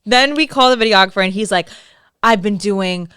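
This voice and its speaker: A young adult woman co-hosting a podcast, telling a story in casual chat, blunt and animated, swearing freely. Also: medium pitch, fairly quick, clean tone, no room sound, clean studio sound. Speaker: podcast co-host.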